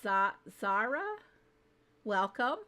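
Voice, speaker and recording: A woman's slow, bright, forceful, medium-pitched voice leads a casual game stream. She greets viewers individually by name and thinks aloud as she fiddles with her screen settings.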